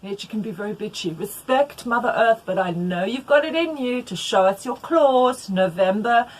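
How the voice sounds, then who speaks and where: A woman's voice: on the high side, lively intonation, normal speed, low-quality recording. Chatty woman teaching knitting. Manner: playful, rambling, jokey asides with sudden loud bursts. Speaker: knitting tutor.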